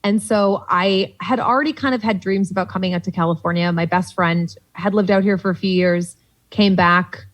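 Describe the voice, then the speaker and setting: A young woman from Boston with a Boston accent, a comedian guest telling lively stories in casual podcast chat and acting out the voices she quotes. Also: mid-range voice, moderate pace, low-quality recording.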